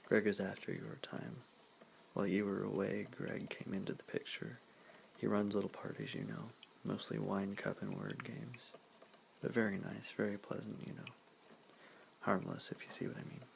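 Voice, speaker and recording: In a whispered role-play reading, a man voices a polite, settled young husband. The hushed voice sits low and crackles with heavy fry. The tone stays soft and courteous throughout. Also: moderate pace.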